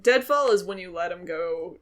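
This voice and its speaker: A woman's voice: on the low side, lively intonation, moderate pace. Chatty young woman podcast co-host. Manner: chatty, dry humor, frequent fillers. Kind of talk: casual chat.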